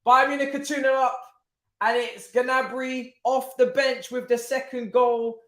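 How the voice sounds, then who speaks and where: A man's voice: very high voice, steady tone, unhurried, pushed and bright. Slangy man commenting on football live. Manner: chatty, slangy, reacting. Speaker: streamer host. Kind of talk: casual live match commentary. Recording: echoey room.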